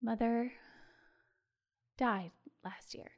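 Woman reading a shy quiet young student, soft and hushed, mellow tone. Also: on the high side, steady tone, drawn-out words. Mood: gentle. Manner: quiet, gentle.

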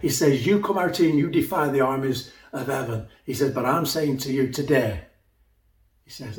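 A man's voice: mid-range voice, moderate pace, echoey room. A man preaching a sermon, retelling a story animatedly and acting out the voices.

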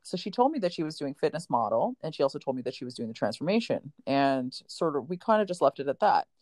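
A woman's voice: low-pitched, sing-song, quick pace, darkish tone, dry recording. A woman, a competition coach, telling a heartfelt story as a guest and close to tears.

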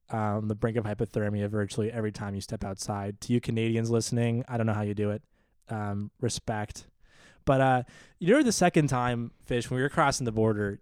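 A man co-hosting a podcast, telling a long story in casual, animated chat that stammers and restarts often. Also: lowish voice, clear, resonant tone, no room sound, clean studio sound. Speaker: podcast co-host.

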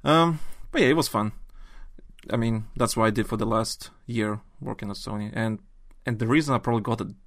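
A man chatting on a gaming podcast, recorded close and dry. He talks in animated bursts and rants, stumbling into restarts as he goes. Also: on the low side, brisk, dry recording. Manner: animated, ranting, trails off into restarts. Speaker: podcast host. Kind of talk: casual chat.

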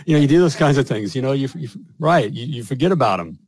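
A man's voice: mid-range voice, expressive, fast talker, darkish tone, slightly rough, no room sound. Emphatic male host, dry close sound. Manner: emphatic, repeats "all right?" and "you know". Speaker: podcast host and business coach. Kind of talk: host conversation and spoken sponsor pitch.

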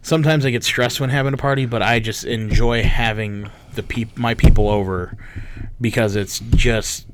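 A man in his twenties co-hosting a podcast, telling a story in a casual, animated, profane way. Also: mid-range voice, moderate pace, noisy background. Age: 20s. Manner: animated, profane, mimics people in stories. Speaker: podcast co-host.

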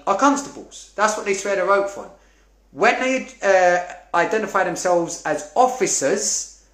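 A man's voice: high voice, a bit bright, reverberant. A man in a passionate casual monologue, swearing and digressing as he speaks.

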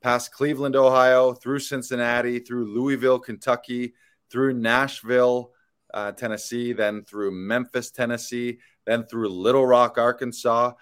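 A man's voice: mid-range voice, level tone, measured pace, clean tone. A Canadian man with a Canadian accent hosting a podcast for actors, telling stories in a rambling, casual way with lots of fillers. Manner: rambling storyteller, many fillers. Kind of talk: casual chat.

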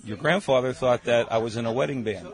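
A man co-hosts a podcast and reminisces, stammering as he restarts his sentences. His voice sits mid-range, with clear chatter around him. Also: mid-range voice, fast talker, low-quality recording. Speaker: podcast co-host. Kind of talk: casual storytelling.

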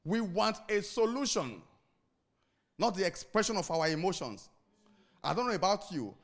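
Lively, high-voiced male pastor preaching. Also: moderate pace. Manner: asks the congregation call-and-response questions; repeats key phrases for emphasis. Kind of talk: sermon.

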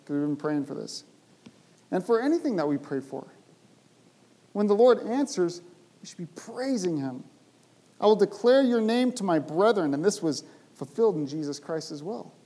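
A male pastor preaching a sermon, speaking with animated emphasis and rising to loud, emphatic bursts. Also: high voice, moderate pace, pauses often, rough recording.

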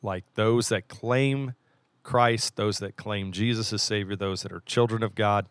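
A man's voice: on the low side, steady tone, a little slow, fairly bright tone, clean tone, no room sound. A man co-hosting a casual podcast in an earnest, laid-back way. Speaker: podcast co-host. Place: small studio room in a theater.

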